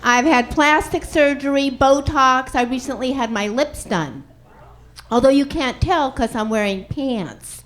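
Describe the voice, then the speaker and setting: A woman comic fires off quick, wry one-liners in a fairly high voice and calls out to the crowd. A loud audience laughs beneath her. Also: expressive. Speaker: stand-up comedian. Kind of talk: stand-up comedy set. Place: comedy club stage before a live audience.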